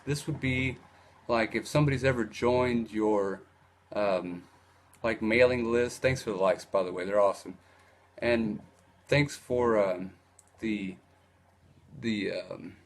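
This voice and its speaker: Over slight background noise, a man hosts a casual livestream on online ads. He speaks at a normal pace in a medium pitch, talking loosely with many fillers and false starts.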